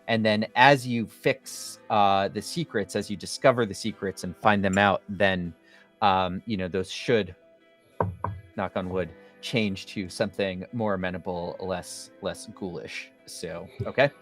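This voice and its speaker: A man's voice: deep voice, fairly even intonation, a little slow, fairly bright tone, faint music behind. A man co-hosting a livestream, talking casually in a playful, rambling way. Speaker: co-host of a developer livestream.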